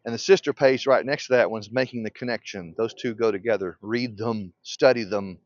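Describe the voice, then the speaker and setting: A man's voice: lowish voice, brisk, dry recording. An older man, a beekeeping teacher, delivering a passionate unscripted rant. He is blunt and provocative and laughs often. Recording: dull lo-fi recording.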